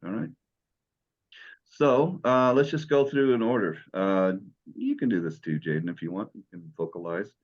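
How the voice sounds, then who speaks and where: A man's voice: lowish voice, moderate pace, muffled recording. A man teaching Greek in an online class, patient and encouraging as he explains step by step.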